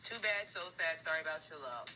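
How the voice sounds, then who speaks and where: Tarot reader, casual reading, blunt, profane, laughing, heated, medium pitch, clear background music. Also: lively intonation, fast, poor audio.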